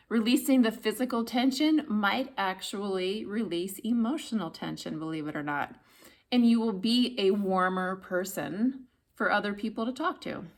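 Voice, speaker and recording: A woman voice coach giving an instructional talk, demonstrating hums and practice phrases between explanations. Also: mid-range voice.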